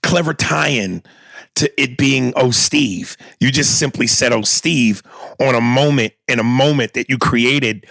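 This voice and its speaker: Gravelly-voiced blunt male podcast host. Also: medium pitch, unhurried, a bit bright, no echo. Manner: profane, blunt, reads aloud with acted bits. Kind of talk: casual podcast chat, reading listener emails.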